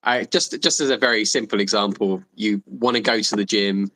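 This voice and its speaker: A man speaking as a coaching guest in a casual podcast conversation, rambling and animated with many restarts. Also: lowish voice, normal speed, low-quality recording. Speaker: dating and charisma coach guest.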